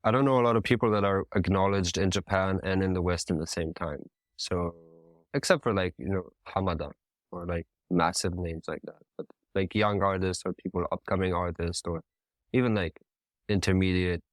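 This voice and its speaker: A man's voice: sits low, no echo. A man talking in a casual interview as a ceramic artist, thoughtful and searching for words. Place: living in Japan.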